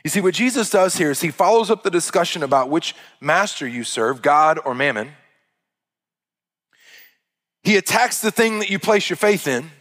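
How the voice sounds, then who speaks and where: A man preaches earnestly, stacking up emphatic repetitions to drive each point home. His voice sits a little high and sounds bright and forceful. It carries with the long reverb of a large hall. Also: expressive, a little fast, hardly any pauses. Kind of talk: sermon.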